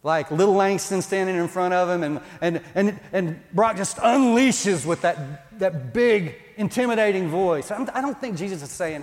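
A man's voice: high-pitched, expressive, normal speed. A male pastor, preaching a sermon in a conversational, emphatic way. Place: church. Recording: long reverb in a church hall.

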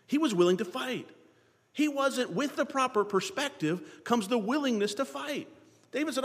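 A man preaching a sermon, lively, acting out the voices of biblical figures to his congregation. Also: sits high, a little fast, long reverb tail. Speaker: pastor.

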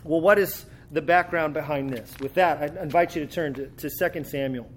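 A man's voice: on the high side, fairly quick, slight background noise. A man preaching a sermon in a conversational way, often restarting his words as he explains a passage. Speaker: pastor.

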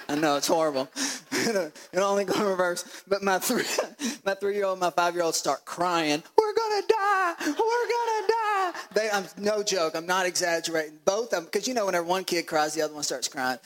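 A pastor delivering a sermon in an animated storytelling style. He laughs often and acts out voices. His voice sits a bit higher than most men's. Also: a little fast, a little hiss or hum, rough recording.

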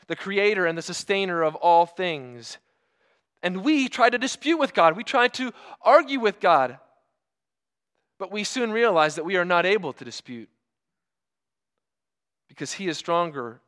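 A man preaching a sermon, earnest and emphatic, asking rhetorical questions and slowing down for dramatic pauses. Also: fairly high pitch, fairly bright tone, smooth.

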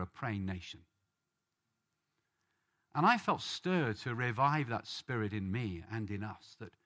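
Leading a study group, a man from Britain gives earnest, sermon-like Bible teaching in a medium-pitched, fairly bright voice. His tone rises whenever he asks questions or says names.

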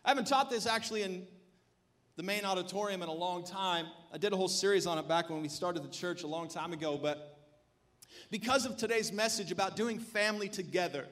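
High-voiced, emphatic male pastor. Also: a little fast, fairly bright tone. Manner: emphatic, exhorting the congregation with call-and-response. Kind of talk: sermon.

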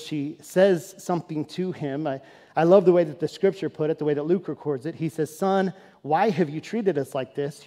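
A man with a notably high-pitched voice preaches a storytelling sermon, chatty and animated at times and earnest at others. His voice rings out with a long reverb, as if filling a large church hall. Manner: conversational, animated storytelling that turns to earnest, quieter teaching. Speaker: pastor.

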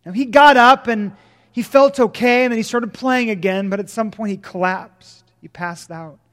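A man preaching a sermon as pastor, swinging from loud emphasis to hushed, slow lines. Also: high-pitched, in a large hall.

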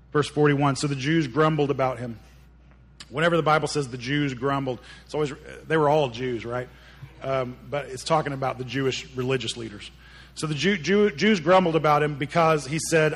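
A man's voice: a little high, normal speed, fairly bright tone. Man preaching in a conversational storytelling way. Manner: conversational storytelling, acts out characters' lines, frequent repeated words. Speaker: pastor. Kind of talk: sermon.

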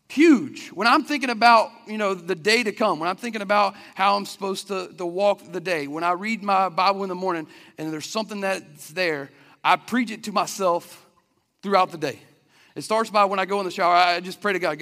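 A man's voice: high voice, normal speed, pushed and bright. A man preaching a sermon in an earnest, conversational way, often restarting his sentences. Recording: long reverb of a hall.

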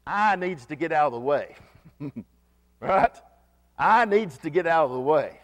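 Man, pastor, preaching, rhetorical questions, repeats key lines, high voice, church sanctuary echo. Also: animated, a little slow, a bit bright. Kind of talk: sermon. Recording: long hall reverb.

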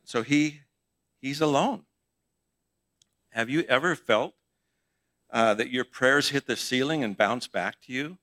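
A man's voice: mid-range voice, slow, pauses often, sharp tone, no echo. A middle-aged male pastor giving a conversational sermon in church, asking his congregation questions as he teaches.

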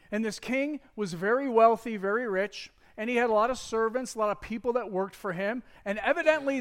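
A man giving a conversational sermon as pastor, retelling a Bible story in a casual, joking, animated way. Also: very high-pitched.

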